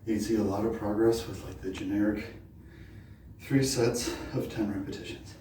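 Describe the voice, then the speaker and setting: A man's voice: on the low side, moderate pace, slight background noise. Winded man talking through his workout. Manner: relaxed, thinking aloud with many fillers. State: out of breath. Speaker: vlogger doing a home workout. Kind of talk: casual workout talk to camera. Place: room at home. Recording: very echoey room, mic far off.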